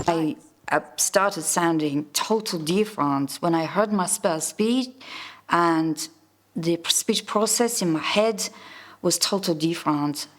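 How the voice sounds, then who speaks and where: A woman's voice: fairly low pitch, noisy background. A woman interviewee speaking reflectively, a little weary.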